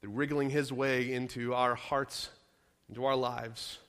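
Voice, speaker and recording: A man's voice: medium pitch, flat delivery, unhurried, fairly bright tone. A man preaching a sermon as pastor, stacking repeated phrases with strong emphasis. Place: church sanctuary. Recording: long hall reverb.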